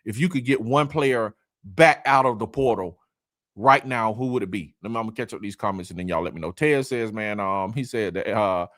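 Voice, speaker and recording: Reading viewer comments on his sports talk livestream, this man speaks fairly quickly in a lowish voice, loose and laughing, tossing in Southern "y'all" and "man." It's studio quality with no room sound.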